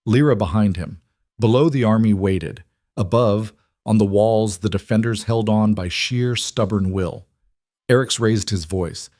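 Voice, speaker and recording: A man narrating a dark fantasy story in measured, clipped dramatic phrases. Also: lowish voice, no room sound, studio quality. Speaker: audiobook narrator.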